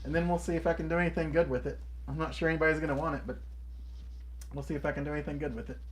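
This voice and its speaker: A man's voice: on the high side, fairly even intonation, very fast. Upbeat man greeting stream viewers. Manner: upbeat, reads out and answers viewer comments; enthusiastic, friendly greetings to viewers. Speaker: live stream co-host. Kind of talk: casual live stream chat.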